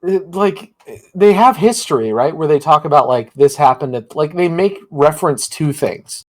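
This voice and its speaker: A man's voice: on the high side, expressive, normal speed. A man co-hosting a podcast in casual chat, joking and laughing often. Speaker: podcast co-host.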